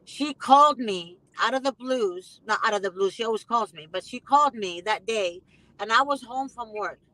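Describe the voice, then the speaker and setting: A woman with a high, bright voice leads a casual talk, speaking with fervent emphasis. She circles back on her points and repeats words to drive them home. The sound is dry and close. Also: lively intonation, normal speed, no echo, low-quality recording. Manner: emphatic, impassioned, repeats herself. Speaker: host; mother. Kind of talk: casual conversation.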